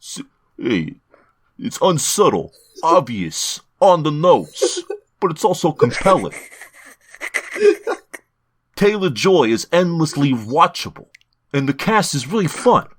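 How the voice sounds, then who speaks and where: A man voicing a tough-talking male mobster type with a gruff put-on accent. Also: mid-range voice, lively intonation, fairly quick, few pauses, fairly bright tone, voice pushed up. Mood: mock-menacing.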